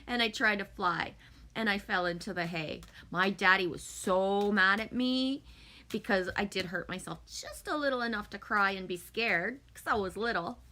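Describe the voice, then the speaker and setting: Woman streamer, loose and chatty, sweary, reading out comments, bright voice. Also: medium pitch, moderate pace. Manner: chatty, swears often, sometimes refers to herself as "me". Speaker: live streamer chatting with viewers. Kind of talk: casual live-stream chat.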